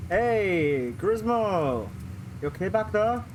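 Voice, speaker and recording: Easygoing dad, pitched lower, placating, as a woman puts him on. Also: moderate pace, slight background noise, natural voice. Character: mild-mannered joking middle-aged dad.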